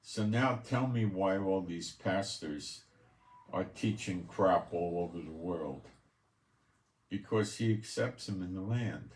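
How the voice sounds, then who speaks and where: In an echoey room, a deep-voiced man from Israel, a preacher and Bible teacher, reads scripture slowly. He calls out the verses loudly and adds blunt, scornful commentary in a Bible-reading sermon.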